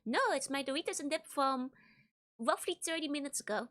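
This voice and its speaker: A woman's voice: high voice, a little fast, fairly bright tone. A young woman streaming, chatting casually with viewers, giggling often and repeating her greetings.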